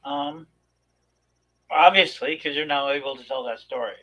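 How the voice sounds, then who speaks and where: A man on a talk show telling a long personal story in a rambling, animated way, with many restarts. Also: on the high side, moderate pace, muffled recording. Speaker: podcast co-host. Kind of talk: casual storytelling chat.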